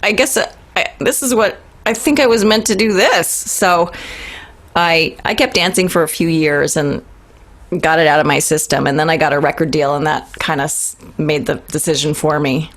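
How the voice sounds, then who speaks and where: A middle-aged woman with a Boston accent joins an interview from home over a remote line. Her voice sits somewhat low, and she talks in a chatty, playful way, laughing often between stories. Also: moderate pace. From Boston, USA. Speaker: guest singer-songwriter. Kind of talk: casual remote interview chat.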